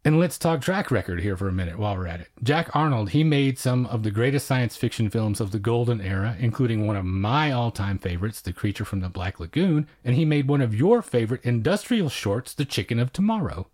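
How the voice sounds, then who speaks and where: A man's voice: mid-range voice, expressive, a little fast, few pauses, a little mellow. A man in the middle of his range, talking through old horror films on a casual podcast. His manner is enthusiastic and a little wry, like a devoted film buff. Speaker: podcast co-host. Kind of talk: casual film review chat.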